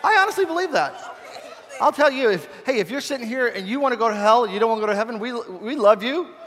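A man with a fairly high voice preaches from the pulpit as a pastor, in a relaxed and humorous storytelling manner. His self-deprecating asides keep it conversational, and his voice rings out with a long reverb in a large church hall. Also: quick pace, a faint crowd. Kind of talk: storytelling sermon.

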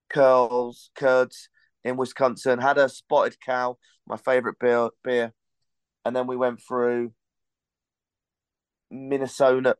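A man's voice: mid-range voice, clear, resonant tone, dry recording. A man hosting a podcast, telling a rambling, casual story and swearing now and then. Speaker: podcast host.

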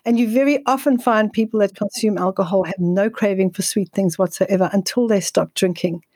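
A woman guest speaking on nutrition in an interview, telling stories in a quick, energetic way with frequent restarts. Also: mid-range voice, slightly rough, no echo. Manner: fast, energetic, with frequent restarts and repeated words. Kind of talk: conversational storytelling interview.

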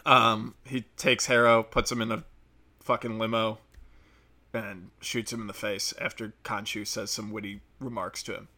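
A man's voice: lowish voice, level tone, normal speed, pushed and bright. A man hosting a solo podcast, ranting in a profane, exasperated and sarcastic way. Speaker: podcast host. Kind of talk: casual solo podcast rant.

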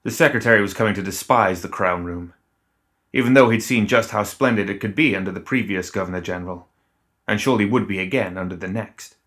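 A man narrating an audiobook in a measured, even storytelling manner. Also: on the low side.

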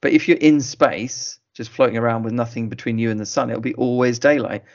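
A man's voice: mid-range voice, steady tone, fairly quick. Dry, pedantic man. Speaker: podcast co-host. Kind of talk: casual film chat. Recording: dull lo-fi sound.

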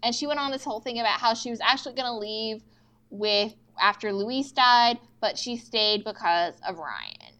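Young female podcast co-host, casual, animated, higher voice. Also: moderate pace. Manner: animated retelling with quoted dialogue and swearing. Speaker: podcast co-host recapping episodes. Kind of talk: casual chat.

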